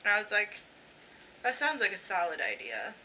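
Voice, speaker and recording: A woman's voice: mid-range voice, huge pitch swings, moderate pace, bright, forceful tone, slight background noise, poor audio. A woman co-hosting a podcast in casual chat, dropping wry, joking asides. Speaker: podcast co-host.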